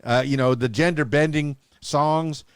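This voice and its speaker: A man's voice: a little high, fairly even intonation, unhurried, clean tone, no echo, clean studio sound. A man hosting a podcast, asking questions in an enthusiastic, talkative way. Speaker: podcast host. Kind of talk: casual interview chat.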